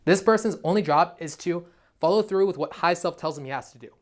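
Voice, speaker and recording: Fast-talking blunt male coach. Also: on the high side. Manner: blunt, profane and emphatic. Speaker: dating coach. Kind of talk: motivational self-help monologue.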